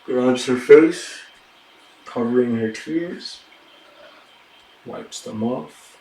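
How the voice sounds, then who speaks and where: A man narrates a tabletop game as game master, taking his time in a hushed, deliberate way. His voice is dark and relaxed. The sound is roomy and a little distant. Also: mid-range voice, gravelly.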